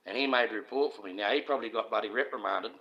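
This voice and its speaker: On a muffled recording, a middle-aged Australian man rambles rapid-fire on his own livestream, his fairly low voice aimed straight at viewers. His tone is aggrieved and conspiratorial.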